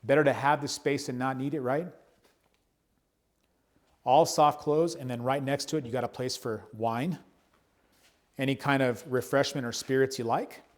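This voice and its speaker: A man's voice: mid-range voice, fairly even intonation, moderate pace, pauses often. Enthusiastic man touring a house. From United States. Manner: enthusiastic, chatty, points things out as he walks. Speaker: real estate broker giving a home tour. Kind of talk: walkthrough home tour narration. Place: indoors in a large house, walking room to room.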